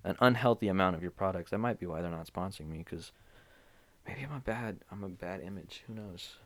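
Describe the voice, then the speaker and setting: Deep-voiced guy doing his solo podcast half awake, loose and rambly, lots of uhs, cozy pillow-filled room. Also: fast talker. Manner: loose, unscripted, drifting between topics with many fillers. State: groggy, just woken up. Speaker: podcast host. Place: small home room full of blankets and pillows.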